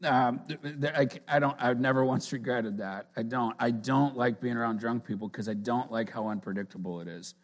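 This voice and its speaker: A man preaching in an easygoing, conversational way, with a voice of middling pitch. He speaks earnestly and often backs up to restart his sentences. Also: brisk, few pauses. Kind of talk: informal sermon.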